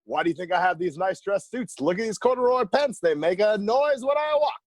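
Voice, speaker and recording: A man's voice: high voice, lively intonation, brisk, no room sound, clean studio sound. A man playing a chatty, boastful skinny hobgoblin in a tabletop game, teasing and rambling. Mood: playful. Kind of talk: tabletop role-play in character.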